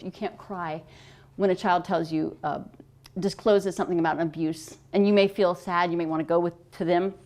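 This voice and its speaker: Middle-aged woman author, animated and chatty, quick to laugh. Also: fairly low pitch. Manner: animated storyteller, laughs often. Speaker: author and adoptive mother. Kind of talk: casual talk answering questions.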